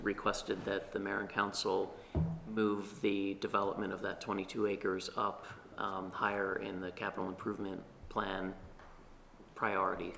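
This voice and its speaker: A man on town staff giving a measured, hesitant meeting report in a meeting room, with many pauses. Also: low voice, completely flat delivery, creaky, background noise.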